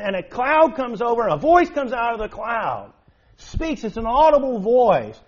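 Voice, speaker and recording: A man preaching a sermon in an animated way, with emphatic rises and rhetorical questions. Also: high voice, breathy edge. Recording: dull lo-fi recording.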